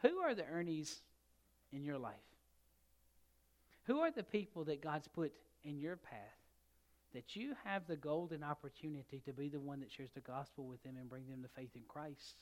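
A middle-aged pastor, preaching in a somewhat high voice. He tells his story in a lively way, dropping to near a murmur and then rising loud again. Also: moderate pace. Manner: storytelling, shifts between loud and soft. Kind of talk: sermon.

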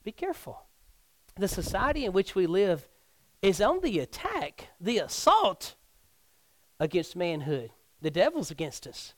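A middle-aged man preaches a sermon as a youth pastor. His voice sits high, and he swings from hushed, nearly whispered lines to loud, near-shouted ones. The sound is dry and close, with no room echo. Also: huge pitch swings, measured pace, long pauses.

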